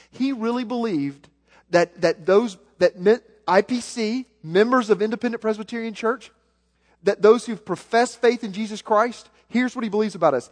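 A Southern American man preaches a sermon with earnest conviction, often repeating words as he builds toward a point. His voice sits high for a man. It rings out with the long reverb of a large church hall. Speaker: pastor.

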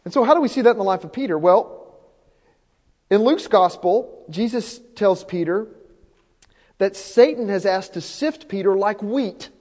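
A man's voice: high voice, animated, normal speed, a little mellow. A man preaching a sermon as pastor, earnest and repeating his key points for emphasis. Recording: long hall reverb.

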